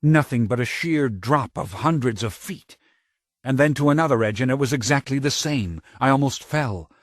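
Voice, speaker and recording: A man narrating an audiobook in a dramatic, intense way, close to a studio mic. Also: no room sound. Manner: slow, low and intense, rising to urgent cries.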